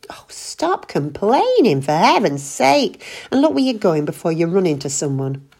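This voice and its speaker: A woman's voice: fairly low pitch, sing-song, normal speed, a little mellow, breathy edge, voice pushed up, full character voice. A woman voicing an anxious, nagging middle-aged wife who scolds her husband. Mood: scolding. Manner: scolding, exasperated.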